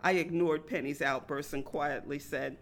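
A woman reading a personal story aloud in a wry, deadpan manner. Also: low voice, moderate pace.

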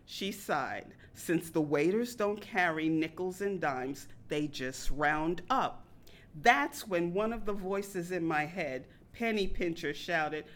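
A woman reading a personal story aloud in a wry, deadpan manner. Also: fairly low pitch, slow.

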